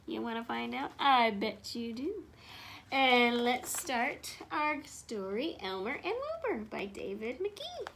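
Woman storyteller for children, animated and a little high, leaning on each word. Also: creaky, a little hiss or hum. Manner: animated, drawn-out emphasis, talks to the listeners. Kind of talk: reading a picture book aloud to children.

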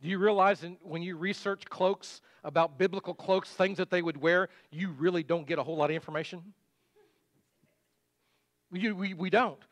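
A man's voice: sits high, steady tone, moderate pace, no room sound. A middle-aged male pastor giving a conversational sermon full of rhetorical questions.

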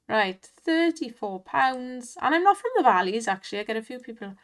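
A woman's voice: high voice, sing-song, measured pace, fairly bright tone. A Welsh woman hosting an online slots video, chatting casually and laughing often as she cheers on the spins. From Wales. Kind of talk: casual chat and commentary over gameplay.

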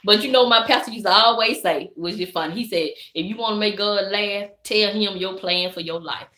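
A woman's voice: mid-range voice, a little fast, pushed and bright. A woman chatting on a live stream, easygoing and preachy, calling her viewers baby and y'all. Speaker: vlogger hosting a live stream. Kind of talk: casual live-stream chat. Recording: echoey room.

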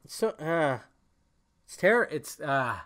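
A man's voice: on the high side, very animated, slow pace, pushed and bright. A young man hosting a casual solo podcast, rambling and emotional, cursing often as he talks. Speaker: podcast host.

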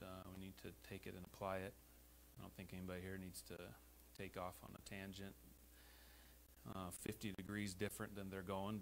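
American man, pastor, low voice, emphatic sermon delivery in church, faint hum on the recording. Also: rough recording. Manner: emphatic, rises to loud exhortations. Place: church sanctuary.

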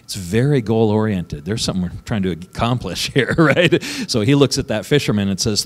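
Chatty pastor in a reverberant church. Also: male voice, fairly low pitch, lively intonation, moderate pace. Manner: conversational, keeps asking "right?" and chuckling. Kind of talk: sermon. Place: church sanctuary.

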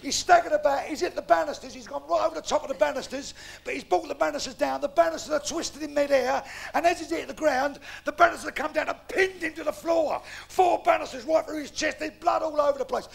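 A man's voice: extremely high pitch, gravelly. A man with a Cockney accent doing live stand-up, rattling off long jokes and acting out the people in them. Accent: London Cockney. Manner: rapid storytelling, acts out characters in his jokes. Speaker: stand-up comedian. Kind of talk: live stand-up joke telling. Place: theatre stage. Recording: live show with faint audience noise.

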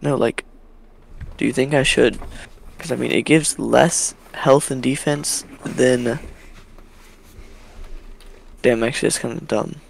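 A man's voice: medium pitch, fairly even intonation, takes it slowly, gravelly, pauses often. A young man streaming a video game, grumbling and swearing at the game as he plays. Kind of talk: casual gaming stream talk.

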